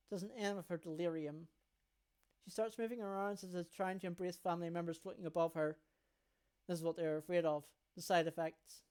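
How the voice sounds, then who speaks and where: A woman streamer reading a game's story text aloud in a steady storytelling way. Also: on the low side, fairly quick. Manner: steady storytelling, with a brief excited outburst. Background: faint game music.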